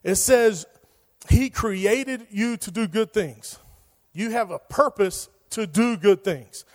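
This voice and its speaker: High-voiced youth pastor. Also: male voice, takes it slowly, a little mellow. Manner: casual, joking, lots of "like". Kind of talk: sermon. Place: church hall. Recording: long hall reverb.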